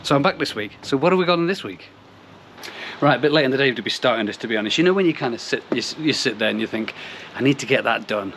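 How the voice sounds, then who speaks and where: A man's voice: medium pitch, expressive, fast, a bit bright, slight background noise. A middle-aged man hosting a casual pond vlog outdoors, rambling and digressing with self-deprecating jokes. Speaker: koi pond channel host.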